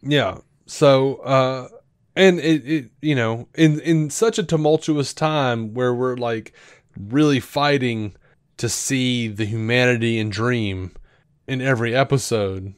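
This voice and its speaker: A man's voice: medium pitch, takes it slowly, smooth, no echo, clean studio sound. Rambling man in casual podcast chat. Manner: rambling, animated, many fillers and restarts. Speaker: podcast co-host.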